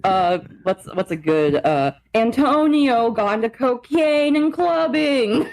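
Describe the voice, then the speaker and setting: A woman co-hosting a podcast in playful comedic chat, often breaking into giggles and swearing freely. Her high voice leaps all over the place, and she sounds animated and expressive. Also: takes it slowly, creaky. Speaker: podcast co-host.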